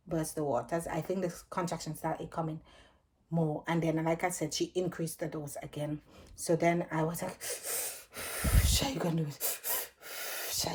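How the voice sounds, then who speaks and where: Low mellow-voiced woman telling a story. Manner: animated retelling, acting out her own cries and others' lines. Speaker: vlogger. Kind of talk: casual storytelling.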